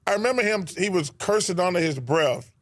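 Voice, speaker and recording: A man's voice: high-pitched, animated, fairly quick. A former basketball player telling an amused anecdote, stammering as he starts. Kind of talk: anecdote in an interview clip.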